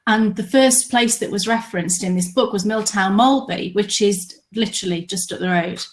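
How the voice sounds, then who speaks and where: A woman's voice: mid-range voice, moderate pace. A woman co-hosting a live podcast show, chatting casually and telling stories with enthusiasm. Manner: chatty, enthusiastic, animated storytelling. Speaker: podcast co-host. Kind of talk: casual chat. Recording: live stream from home.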